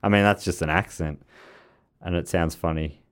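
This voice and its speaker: A man with a fairly low voice co-hosts a casual podcast chat. He reads out listener messages, stops and restarts sentences, and laughs often between remarks. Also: steady tone, normal speed, clean tone. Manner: chatty, laughs often, frequent fillers and restarts. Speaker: podcast co-host reading listener mail.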